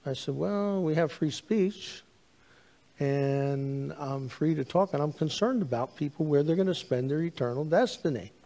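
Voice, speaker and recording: A man, a pastor preaching a sermon, telling stories with lively acted-out dialogue. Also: a little high, unhurried. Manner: animated storytelling, acts out dialogue. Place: church sanctuary. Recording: long hall reverb.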